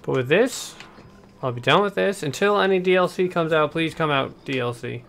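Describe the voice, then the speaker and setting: Excitable man with a gravelly, bright voice. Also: fairly high pitch, moderate pace, a little hiss or hum. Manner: chatty, excitable, talks to game characters. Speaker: gameplay commentator. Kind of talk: let's-play gameplay commentary.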